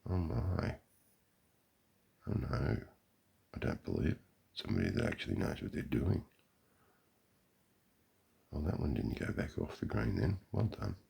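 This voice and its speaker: A man's voice: rumbling low, sing-song, unhurried, vocal fry, pauses often, warm tone, breathy edge. An Australian man giving a sarcastic, profane running commentary outdoors beside a golf green. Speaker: vlogger.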